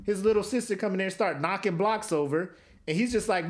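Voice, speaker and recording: A high-pitched man talking at a quick pace co-hosts a podcast. His storytelling is animated, the chat is casual and comedic, and he slips into silly voices.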